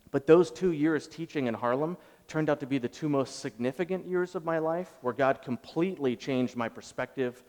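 Man, pastor, sermon, conversational storytelling, medium pitch, long reverb. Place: large hall with audience. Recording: roomy echoey hall, mic far off.

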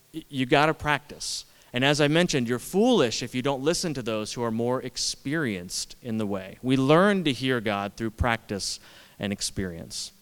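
A man's voice: medium pitch, fairly bright tone, clean tone. A man preaching a sermon as pastor, conversational and self-deprecating, repeating words for emphasis. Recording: long hall reverb.

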